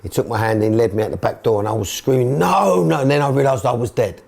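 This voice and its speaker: A man's voice: on the low side, fast talker, darkish tone. A middle-aged man from England, a football club owner and manager, speaking emotionally and repeating himself in a candid documentary interview.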